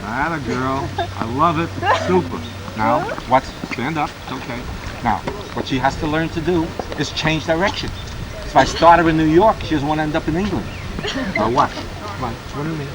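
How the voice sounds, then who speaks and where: Man coaching a swimmer in a noisy pool. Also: on the high side. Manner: brisk, commanding coaching with bursts of encouragement. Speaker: swim instructor. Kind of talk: poolside swim coaching and demonstration. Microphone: camcorder mic. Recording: noisy 1990s camcorder audio.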